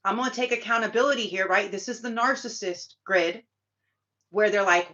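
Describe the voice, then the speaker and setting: Bright-voiced woman rambling emphatically, lo-fi. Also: mid-range voice. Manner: emphatic and rambling, swears freely, many fillers. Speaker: spiritual reader and channel host. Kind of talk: casual spiritual monologue. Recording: dull lo-fi sound.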